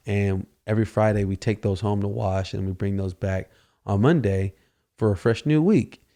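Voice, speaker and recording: A man's voice: on the low side, moderate pace, warm tone. A man hosting a podcast, telling a casual story and rambling with constant "you know" fillers. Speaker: podcast host.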